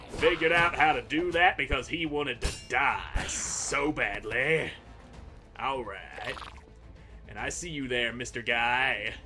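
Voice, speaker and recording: Pushed and bright in a mid-range register, this gaming host's voice carries crude, sarcastic remarks while he plays. He mocks and trash-talks each enemy he takes on.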